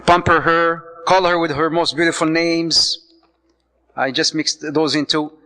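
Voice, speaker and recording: A man giving a playful, lively lecture on marriage to a congregation, dropping Arabic phrases into his talk. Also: on the high side, measured pace. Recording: long hall reverb.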